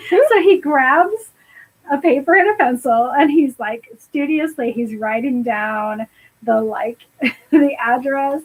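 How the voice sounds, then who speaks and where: A high-pitched woman co-host chatting casually about a film. She talks in an animated way and laughs often, dropping quick quotes from the characters. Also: slightly rough, poor audio. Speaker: podcast co-host. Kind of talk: casual chat recapping a film.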